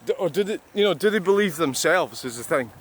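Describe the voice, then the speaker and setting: A man's voice: on the high side, lively intonation, brisk, a little hiss or hum. A Scottish man in his sixties, a vlogger, rambling through a reflective monologue with wry, self-mocking asides. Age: 60s.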